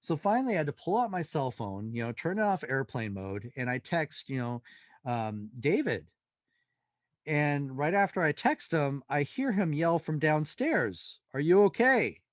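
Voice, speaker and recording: A male paranormal investigator, a guest in an interview, telling a story in an animated way and acting out the dialogue. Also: a little high, unhurried, no room sound, studio quality.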